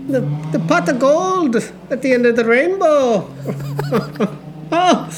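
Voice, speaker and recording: A woman voicing a small, jolly male leprechaun with a put-on Irish accent, high and giggly, guarding his gold. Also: animated, slow pace, noisy background. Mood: gleeful.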